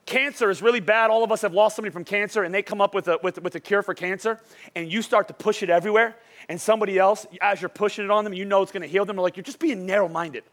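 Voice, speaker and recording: A man's voice: high-pitched, fairly even intonation, racing, fairly bright tone. A young adult man preaching a sermon in a church, talking casually and energetically, often restarting and asking the crowd "right?". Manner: restarts and repeats words often. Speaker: pastor. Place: church auditorium.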